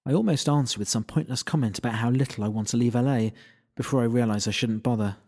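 Male narrator, mid-pitched, dry wry first-person storytelling. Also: quick pace, warm tone. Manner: wry, dry, laid-back.

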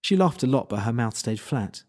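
A man's voice: medium pitch, lively intonation, normal speed, darkish tone. A man narrating a first-person story in a wry, self-deprecating way.

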